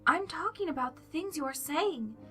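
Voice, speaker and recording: Toriel, a woman doing a soft, motherly monster lady. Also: sits high, lively intonation, normal speed, soft background music, voice pushed up. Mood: caring. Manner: soft, formal, motherly concern. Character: gentle motherly female goat monster, caring.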